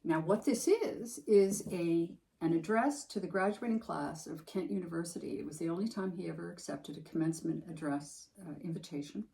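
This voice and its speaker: A woman co-hosting a podcast chats casually and emphatically about a book that mattered to her, her lowish, creaky voice moving fairly quickly with hardly any pauses. She's animated and emphatic, thinking aloud and restarting her sentences. The recording is rough.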